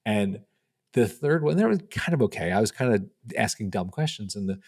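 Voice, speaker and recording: Lively man telling a story. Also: lowish voice, brisk. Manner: animated storyteller who acts out quoted dialogue. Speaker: startup founder, podcast guest. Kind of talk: casual storytelling interview.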